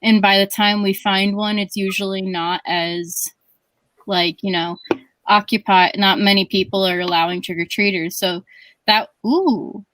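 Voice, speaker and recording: A woman's voice: mid-range voice, fairly even intonation, measured pace, a bit bright, no room sound, rough recording. A woman co-hosting a stream, telling stories in a rambling, chatty way with many restarts. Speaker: stream co-host. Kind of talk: casual storytelling chat.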